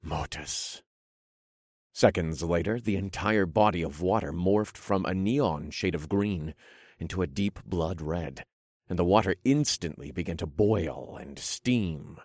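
Low-voiced male narrator for a fantasy audiobook, dry close sound. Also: unhurried, darkish tone, no room sound. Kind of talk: first-person fantasy narration.

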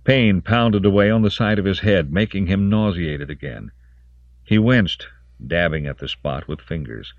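A man narrating an audiobook in an expressive voice, lingering on grim detail. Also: low-pitched, dry recording, dull audio. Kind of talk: scripted narration.

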